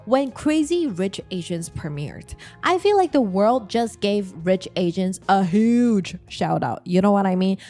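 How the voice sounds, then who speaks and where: Chatty young woman vlogging, mellow voice. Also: mid-range voice. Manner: chatty and slangy, addressing viewers directly. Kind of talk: casual commentary vlog.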